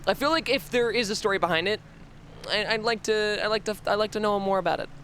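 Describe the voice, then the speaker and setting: A man's voice: sits high, fast talker, pushed and bright, a little hiss or hum. A man streaming a horror game, rambling and joking with his chat, swearing freely and sometimes chanting words over and over. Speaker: livestreamer. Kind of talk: casual gameplay commentary.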